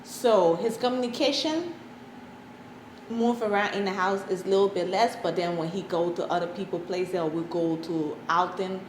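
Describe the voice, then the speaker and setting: A woman in her thirties answering interview questions, hesitant, with many pauses and restarts. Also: on the low side. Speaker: interviewee, mother of an autistic son. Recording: echoey room, faint background noise.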